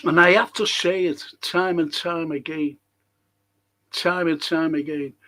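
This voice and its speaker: Older man, co-host, rambling anecdotal storytelling, slightly raised pitch. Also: steady tone, a little slow, a bit bright, low-quality recording. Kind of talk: casual chat.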